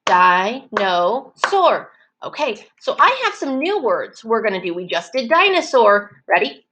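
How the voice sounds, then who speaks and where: A woman teaching preschool children in an online circle time, slow and encouraging, stretching words out so the children can clap the syllables. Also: a little high, big pitch swings, pushed and bright, a little hiss or hum, low-quality recording.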